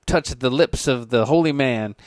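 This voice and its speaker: A man voicing a ranting, fanatical male street preacher in a tabletop game, speaking slowly in preaching, scripture-laden tones. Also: dry recording, studio quality, lightly acted. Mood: sanctimonious. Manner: shrill, slow and preaching, full of scripture talk.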